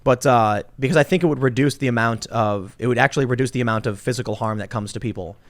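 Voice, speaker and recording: A man hosting a casual podcast discussion, talking in an animated way and acting out robot voices. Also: mid-range voice, fast talker, dry recording. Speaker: podcast host.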